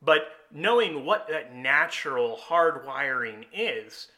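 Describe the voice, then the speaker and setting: A man hosting a casual chat, explaining personality types as an animated storyteller who chuckles often. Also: mid-range voice, takes it slowly.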